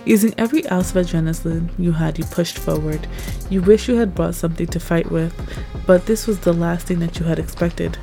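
Woman narrator, slightly low voice, tense measured second-person storytelling over music. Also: gravelly, dark tone, rough recording.

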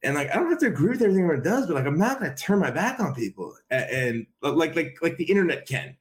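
A man's voice: on the high side, very animated, very fast. A man talking casually as a podcast guest, rambling with many repeated fillers and restarts. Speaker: podcast guest, wrestling commentator. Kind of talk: casual conversation.

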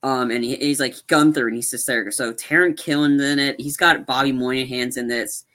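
Bright-voiced man chatting about films. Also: mid-range voice, fairly quick. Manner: rambling, animated, acts out movie lines. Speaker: podcast co-host. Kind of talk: casual movie chat on a live stream.

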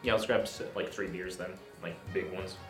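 A man's voice: sits low, fairly even intonation, normal speed, reverberant, soft background music. A man playing a tabletop game, talking casually and hesitantly. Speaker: player.

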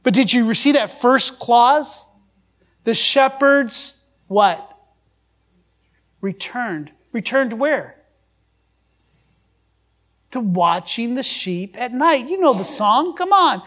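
Man, pastor, high voice, sermon, reads scripture aloud, questions the congregation. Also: lively intonation, slow, a bit bright.

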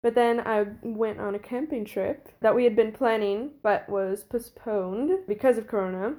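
A woman in her twenties, guesting on a podcast, chats her way through a personal story, sprinkling in "like" and bursts of laughter. Her voice sits on the high side, warm in tone, at a normal speed.

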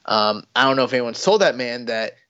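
A man's voice: medium pitch, pushed and bright, no echo, highs cut off. A man co-hosting a casual wrestling podcast, talking in rambling runs full of fillers and restarts. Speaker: podcast co-host.

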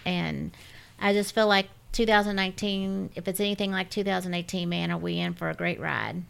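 A woman's voice: fairly low pitch, fairly even intonation, a little fast, gravelly, a bit bright, clear, resonant tone. A woman with a scratchy voice, co-hosting a podcast in casual, rambling chat. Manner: rambling, self-interrupting. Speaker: podcast co-host.

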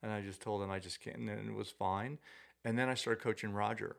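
A middle-aged man with a gravelly, creaky voice settles into a relaxed guest chat on a podcast. He rambles through stories in an easy, self-deprecating way. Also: lowish voice, fairly quick. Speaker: podcast guest, former tennis coach. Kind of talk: casual storytelling chat.

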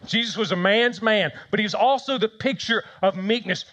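A man's voice: high voice, moderate pace, few pauses, fairly bright tone, highs cut off. A man preaching a conversational sermon, telling stories with self-deprecating humor. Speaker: pastor.

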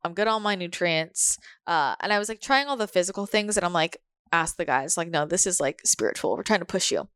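A woman's voice: fairly low pitch, expressive, brisk, fairly bright tone, clear, resonant tone, dry recording. Woman chatting candid on a podcast, swears a bit, dry close sound. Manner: candid, swears, acts out quotes. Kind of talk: casual spiritual chat.

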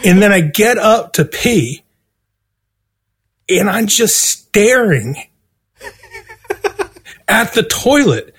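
A man, a guest, telling a story in casual, profanity-laden talk and acting out his own quoted lines with animated swings. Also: high voice, very slow, long pauses, breathy edge. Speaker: guest musician.

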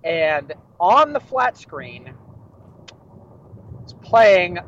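A man's voice: high voice, big pitch swings, drawn-out words, a bit bright, dull audio, slight background noise. A man co-hosting a podcast, telling a story in casual chat and laughing often. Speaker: podcast co-host.

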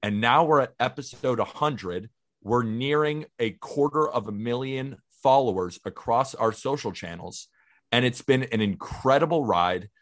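A man in his twenties co-hosts a podcast, chatting casually in an eager, heartfelt manner. His medium-pitched voice is animated and moves at normal speed.

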